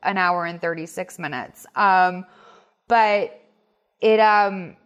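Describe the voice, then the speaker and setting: A woman's voice: fairly low pitch, slow pace, clean tone, lo-fi sound. A woman in her thirties hosting a podcast in casual chat, talking loosely and filling her sentences with "like.". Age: 30s. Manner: chatty, peppers speech with "like". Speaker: podcast host.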